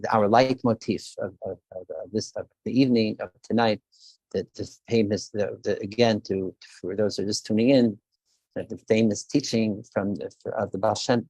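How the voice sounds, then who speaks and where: A man teaching an online Torah class who weaves Hebrew terms into his talk, halting often and repeating his words as he searches for a phrase. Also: medium pitch, dark tone, breathy edge, no echo.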